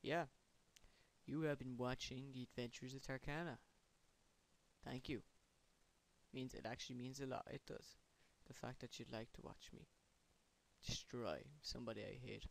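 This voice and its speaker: A man's voice: mid-range voice, fairly even intonation, moderate pace, creaky, pauses often. A man giving casual, rambling gameplay commentary, sarcastic and chanting words under his breath. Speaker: gamer.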